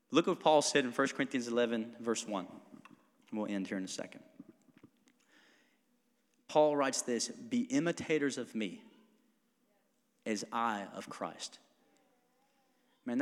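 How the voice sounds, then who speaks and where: A man preaching a sermon as pastor, talking in a conversational, animated way with laughing asides. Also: medium pitch. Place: church sanctuary. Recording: long hall reverb.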